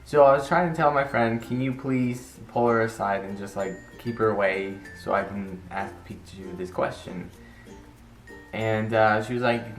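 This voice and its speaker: A man's voice: fairly low pitch, moderate pace. A teenage man telling an embarrassing story to camera in a rambling, casual way, restarting sentences and acting out the quotes. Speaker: vlogger. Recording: roomy echo with faint guitar music.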